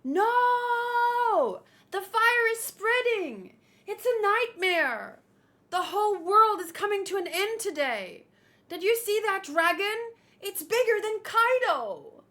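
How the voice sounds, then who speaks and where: A woman's voice: very high-pitched, sing-song, slow pace, voice pushed up, heavily acted. Woman doing a frantic young coward. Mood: panicked. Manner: loud, frantic shouting. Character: panicking cowardly young man crying doom.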